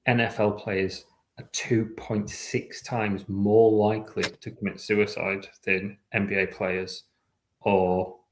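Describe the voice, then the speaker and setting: A man, co-hosting a sports podcast with a dry, measured delivery. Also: on the low side, flat delivery. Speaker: podcast co-host. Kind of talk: casual chat.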